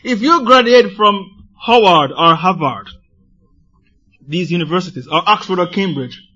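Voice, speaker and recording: A man preaching a sermon to a congregation in an animated way, firing rhetorical questions at his listeners. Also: high-pitched, unhurried, highs cut off.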